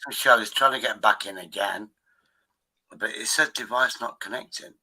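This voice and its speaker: Brief: male stream host with a low, punchy, strained voice; rambling and swears freely. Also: normal speed, sharp tone, poor audio. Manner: rambling and profane. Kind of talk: casual chat.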